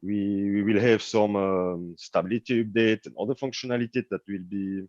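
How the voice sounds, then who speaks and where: A man's voice: lowish voice, steady tone, normal speed, darkish tone, no room sound, highs cut off. A man with a French accent giving a project update in an online community meeting, hesitant and searching for words. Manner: hesitant, many fillers and restarts, searching for words.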